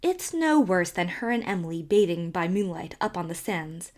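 A woman's voice: lowish voice, big pitch swings, moderate pace, darkish tone. A woman voicing a prim, gossiping older village woman who disapproves with tolerant, mock-pleasant airs. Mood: disapproving.

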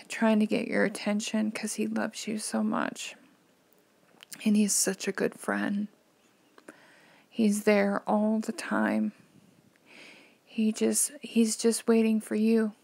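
A woman giving heartfelt devotional encouragement, speaking earnestly and gently pleading with her listeners. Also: medium pitch, creaky.

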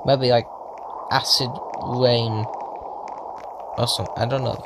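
A man commentating as he plays video games, panicking and yelling out reactions, with self-mocking asides. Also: medium pitch, flat delivery, a little slow, noisy background. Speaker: gamer. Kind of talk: let's play commentary. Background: game music.

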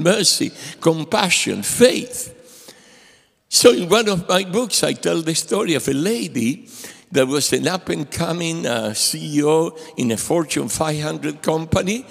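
Animated older man preaching in a hall. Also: a little high, creaky. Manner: animated storyteller acting out quoted dialogue. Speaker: guest preacher. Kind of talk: sermon with storytelling. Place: church sanctuary. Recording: long hall reverb.

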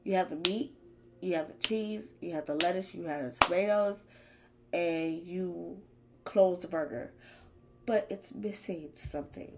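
A woman hosting her own horror reaction channel, talking back to the screen in an emphatic, excitable, chatty way. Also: fairly low pitch, measured pace, slight background noise, rough recording. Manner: chatty, uses homespun comparisons. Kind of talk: casual reaction commentary.

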